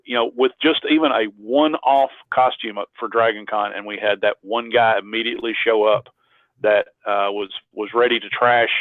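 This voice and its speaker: A man's voice: fairly low pitch, fairly even intonation, moderate pace, no room sound, narrow, tinny audio. A man, a cosplayer, telling rambling anecdotes as an interview guest, often restarting his sentences. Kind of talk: casual interview storytelling.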